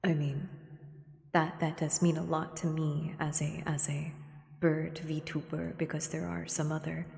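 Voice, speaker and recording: A woman streamer talking gently in a soft ASMR style, often slipping into a whisper. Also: low voice, flat delivery, a little slow, gravelly. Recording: echoey room with long reverb.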